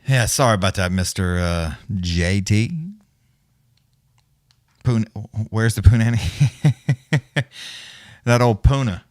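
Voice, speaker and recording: A man's voice: on the low side, measured pace, long pauses, a little mellow, clear, resonant tone, no room sound, clean studio sound. A man hosting a live fight watch-along stream, chatting casually and telling rambling, profane stories with chuckles. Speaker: livestream host. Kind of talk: casual profane storytelling chat.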